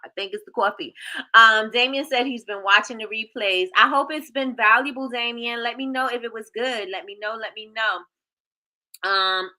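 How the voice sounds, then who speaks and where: Woman, livestream host, chatty, bright voice. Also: on the high side, moderate pace. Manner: chatty, reads viewer comments aloud, lively. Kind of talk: casual livestream chat.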